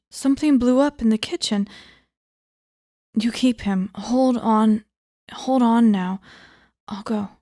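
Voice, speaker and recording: A woman giving a cold reading of a book aloud, often dropping into a hushed whisper. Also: mid-range voice, no room sound, studio quality. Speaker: audiobook reader.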